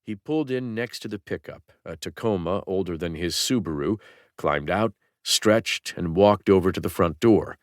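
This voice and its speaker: Deep-voiced male audiobook narrator. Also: normal speed, no echo, studio quality. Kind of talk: scripted narration.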